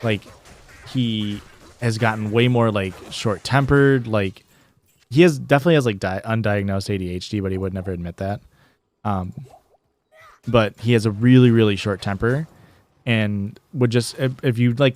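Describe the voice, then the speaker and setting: A man's voice: fairly low pitch, a little mellow. A young man streaming and chatting casually, telling stories in a rambling way, full of fillers and restarts. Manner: rambling storyteller, many "like"s and restarts. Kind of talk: casual chat while gaming.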